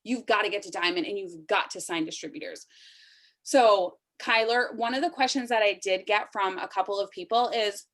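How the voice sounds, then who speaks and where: A woman in her thirties gives a motivational pep talk to her team over a video call. Her pitch and volume stay around her own normal level. She sounds emotional and urgent, pleading with her listeners. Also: fairly bright tone. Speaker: team leader hosting a sales team call.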